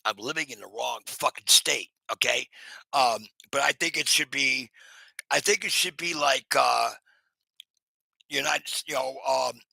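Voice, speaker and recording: Guy rambling on his live stream, super gravelly and husky, lots of ums, says hi to chat, laughs at himself. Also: on the high side, bright, forceful tone, no echo, poor audio. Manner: rambling, with many fillers and restarts; chatty, greets viewers by name.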